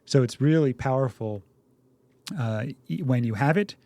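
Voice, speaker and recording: A man co-hosting a parenting podcast, telling lively family stories and acting out shouted quotes. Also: mid-range voice, normal speed, no room sound. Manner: lively storyteller, acts out yelling quotes. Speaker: podcast co-host. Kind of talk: casual conversational podcast.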